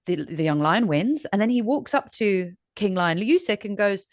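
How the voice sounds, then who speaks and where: A woman's voice: mid-range voice, animated, normal speed, hardly any pauses, no room sound, clean studio sound. A woman from Ireland hosting an interview, talking animatedly and acting out voices as she tells a story. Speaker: host. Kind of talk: conversational interview.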